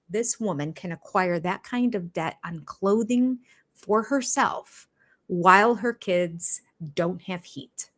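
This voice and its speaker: An older woman reacts live to a reality show, blunt and sarcastic, often breaking into laughter. Her pitch sits mid-range for a woman, and her tone is opinionated and chatty. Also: fairly bright tone. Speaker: reaction vlogger.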